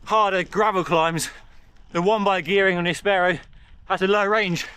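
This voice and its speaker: A man talking through a bike review in a measured, conversational way. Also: high-pitched, steady tone, bright, forceful tone, smooth. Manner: measured, conversational product comparison. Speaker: cycling reviewer.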